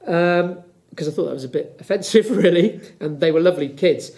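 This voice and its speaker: A middle-aged man with a slightly high voice gives a physics lesson at home. He talks in a chatty way and walks through each idea step by step as he shows it. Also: a little fast, vocal fry, a little mellow. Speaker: physics teacher.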